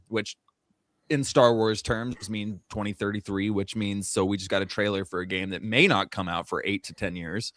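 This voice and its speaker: A man co-hosting a podcast, chatting casually in an animated, rambling way with many restarts over a remote call mic. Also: lowish voice, normal speed, dry recording, studio quality. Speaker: podcast co-host. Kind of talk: casual chat.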